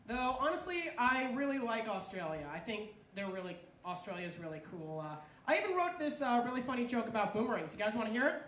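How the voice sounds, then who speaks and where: A comedian doing an animated stand-up set at an open mic, acting out voices as she goes. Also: on the high side, brisk, few pauses. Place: club stage at open mic. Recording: echoey club room, faint noise.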